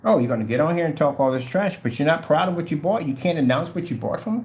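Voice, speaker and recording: A man's voice: a little high, animated, quick pace, darkish tone. Guy ranting on his livestream, taunting and in-your-face, voice swinging all over the place. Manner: confrontational, taunting, repeats questions. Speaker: channel host. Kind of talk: livestream rant at viewers.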